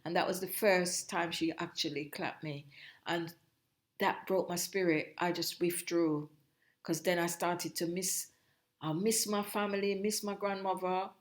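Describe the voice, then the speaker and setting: Middle-aged woman, interview guest; reflective, halting delivery with frequent restarts. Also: lowish voice, fairly even intonation. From Jamaica. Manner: reflective, halting, breaks off and restarts mid-phrase. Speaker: guest, host's mother. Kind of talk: personal storytelling.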